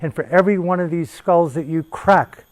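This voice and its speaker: A man voicing an outraged male civil rights preacher, speaking slowly and with furious emphasis. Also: fairly high pitch, lightly acted.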